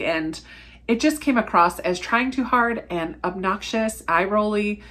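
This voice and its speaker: A chatty woman sharing candid opinions about her recent reads. She talks loosely and conversationally, laughing now and then and restarting sentences as her thoughts shift. Her voice sits at an ordinary, mid-range pitch. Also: fairly bright tone. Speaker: book reviewer. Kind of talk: casual book review vlog.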